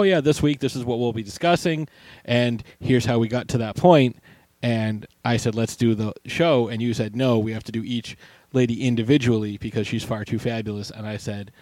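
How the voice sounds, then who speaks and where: A man's voice: medium pitch, a little mellow, no room sound. A man co-hosting a podcast, chatting casually with joking banter and interjections. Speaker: podcast co-host. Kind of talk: casual chat.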